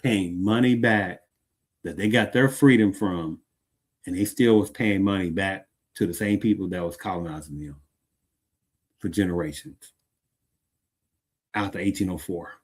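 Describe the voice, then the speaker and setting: A man's voice: low-pitched, a little slow, pauses often. Emphatic male show host. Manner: emphatic, keeps asking "Do you understand?". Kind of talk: heated commentary.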